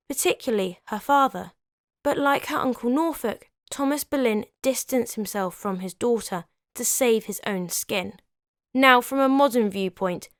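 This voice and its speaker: A woman's voice: on the high side, dry recording, clean studio sound. A young woman hosts a history channel, narrating a script and breaking off for wry, opinionated asides. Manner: lively, opinionated storyteller who adds wry comments.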